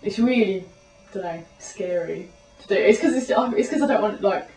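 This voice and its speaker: A woman's voice: medium pitch, normal speed, a little mellow, faint music behind. A young woman, a student, chatting casually and rambling nervously with many restarts. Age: young adult. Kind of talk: casual chat. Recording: echoey room, mic far off.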